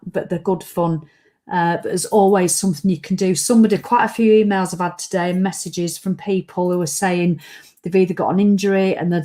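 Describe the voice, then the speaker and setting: A woman's voice: lowish voice, warm tone. A woman, an online fitness coach chatting casually on a live stream from home, greeting viewers by name as she talks.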